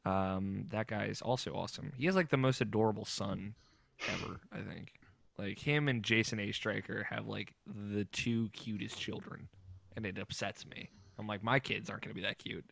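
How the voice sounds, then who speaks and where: A man's voice: lowish voice, normal speed, vocal fry, a bit bright, no room sound. A man hosting a podcast in casual chat, loose and joking, laughing often. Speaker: podcast host.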